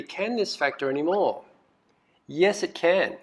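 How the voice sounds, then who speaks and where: A man's voice: a little high, moderate pace. A male math teacher walking through a recorded lesson, asking lots of questions, coaxing students and muttering asides as he thinks aloud. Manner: lively, asks questions and coaxes students.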